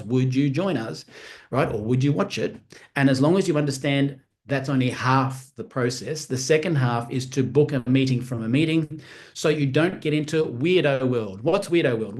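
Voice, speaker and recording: A man giving a live-streamed training talk on making sales calls, energetic and lively, acting out phone conversations in different voices. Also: a little high. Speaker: network marketing trainer. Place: room on a live stream with screens.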